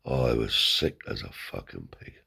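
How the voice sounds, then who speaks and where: A man with a very low, husky voice tells a rough-edged tale from his past. He talks bluntly and swears freely, seated as he spins the story. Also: normal speed. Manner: blunt, swears heavily, animated yarn-spinning. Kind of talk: casual spoken storytelling. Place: seated indoors.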